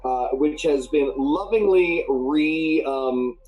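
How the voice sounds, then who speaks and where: A man's voice: fairly high pitch, takes it slowly, a little mellow, soft background music, low-quality recording. A man narrating as game master of a tabletop game, rambling with many fillers and restarts.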